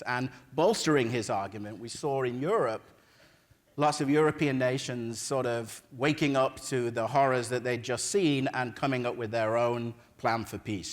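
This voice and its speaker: A man moderating an onstage conversation, laying out an argument in a measured way before asking his question. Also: medium pitch. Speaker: moderator, newspaper editor. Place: large event hall. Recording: long hall reverb.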